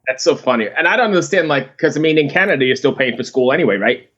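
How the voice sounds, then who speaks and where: A man hosts a relaxed podcast chat in a slightly raised voice, laughing along and chiming in with quick agreement. His audio sounds dull and lo-fi, as if the high end is missing. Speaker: podcast host. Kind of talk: casual chat.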